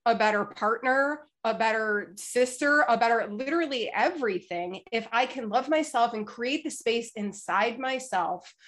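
A woman's voice: on the high side, expressive, moderate pace, few pauses, fairly bright tone. A woman in casual podcast chat, talking with passion and stressing points emphatically, with the odd swear.

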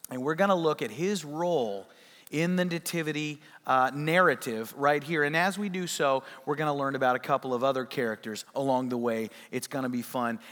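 A man's voice: mid-range voice, a bit bright. A man preaching a sermon as a pastor, joking with the congregation and asking them to call out answers, heard in a church with long reverb. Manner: playful, jokey, audience call-and-response. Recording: long reverb in a large hall.

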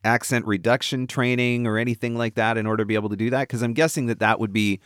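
A man's voice: medium pitch, fairly even intonation, quick pace, a bit bright, no echo, clean studio sound. A man hosting a casual interview, thinking aloud and checking in with his guest as he asks questions. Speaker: interview host.

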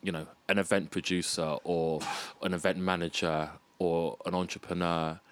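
A low-pitched man talks as a guest in a casual conversation. He is reflective and thinks out loud, restarting phrases and warming to his subject. The sound is dry and close, with little room around it. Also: normal speed, smooth, no room sound. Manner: reflective, restarts and lists ideas, animated about music. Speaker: podcast guest, freelance arts producer.

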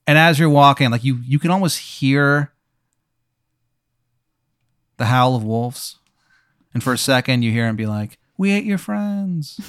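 A man telling a rambling, deadpan improvised story, full of fillers. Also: mid-range voice, a little slow, long pauses, smooth, dry recording, studio quality.

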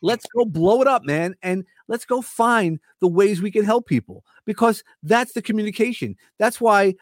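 An earnest middle-aged man with a New York accent speaks in a high register. His delivery is motivational and rambling, and the sound is dry and close with no room around it. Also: expressive, normal speed, no room sound. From Long Island, New York. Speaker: guest. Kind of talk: casual chat.

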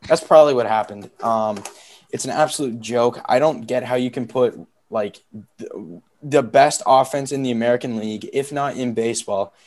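A man's voice: medium pitch, moderate pace, darkish tone. A man in the middle of his range co-hosting a sports podcast. He vents sarcastically, sounding exasperated. The talk is loose and conversational. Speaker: podcast co-host. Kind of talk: casual sports podcast chat.

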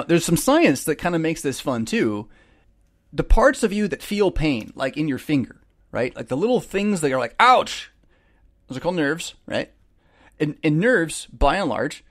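Animated American pastor hosting a live show. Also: male voice, medium pitch, no room sound, clean studio sound. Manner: animated, emphatic, rhetorical questions, many restarts. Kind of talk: casual sermon-like talk on a live show.

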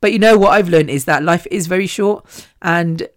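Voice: medium pitch, moderate pace, no echo, clean studio sound. A podcast host, talking in a chatty, rambling monologue, often self-deprecating.

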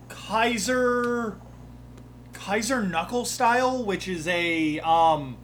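A man's voice: sits high, drawn-out words, fairly bright tone, slight background noise. A man who ran the campaign as game master, chatting casually on a podcast, often breaking off mid-sentence and swearing offhandedly. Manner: rambling, self-interrupting, swears casually. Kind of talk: casual chat.

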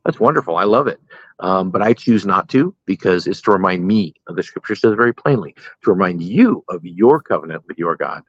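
A man's voice: low-pitched, lively intonation, fairly quick, dry recording, highs cut off. A middle-aged man, a pastor, telling stories from his life in a casual interview and laughing at his own jokes.

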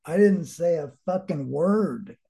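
A man's voice: a little high, lively intonation, takes it slowly, creaky, mellow. A man in his forties telling his own story as an interview guest, blunt and emphatic, swearing constantly. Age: 40s. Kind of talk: candid personal storytelling.

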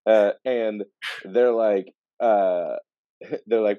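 A man's voice: lowish voice, steady tone, extremely slow, clean tone, no room sound, highs cut off. A man co-hosting a casual book discussion, rambling and acting out characters in funny voices. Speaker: podcast co-host.

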